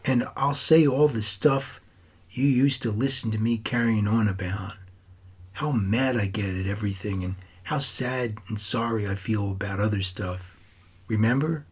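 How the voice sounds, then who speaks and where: A troubled teenage boy writes home to his grandfather, earnest and wistful, as a man reads him. The voice sits low and husky, with an audiobook plainness. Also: unhurried.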